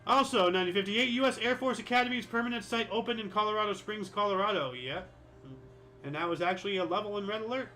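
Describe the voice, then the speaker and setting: A man's voice: high voice, fast, sharp tone, rough recording. A man hosting a history show, reading through dates with sarcastic asides and correcting himself, his voice a little dry and cracking. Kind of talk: casual commentary reading dates.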